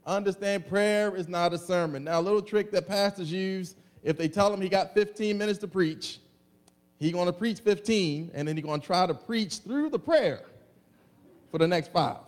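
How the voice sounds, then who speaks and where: A male pastor delivering a lively, humorous sermon to a congregation, acting out comic voices. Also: sits high, normal speed. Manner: animated preaching with comic voices and laughter.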